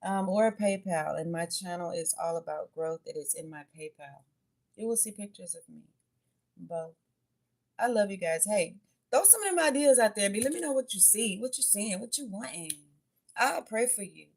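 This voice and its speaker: A woman's voice: medium pitch, lively intonation, normal speed, darkish tone. A woman giving a casual tarot and oracle card reading to her viewers, chatty and blunt, swearing freely and calling them babies and y'all.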